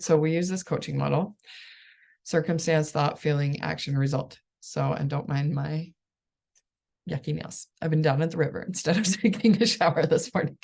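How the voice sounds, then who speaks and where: A woman with a low, gravelly voice talks through a coaching idea in a relaxed solo chat. Her tone is reassuring and conversational, and she keeps tossing in "right?" to check in with her listeners. She laughs softly now and then. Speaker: life coach. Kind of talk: casual solo coaching talk.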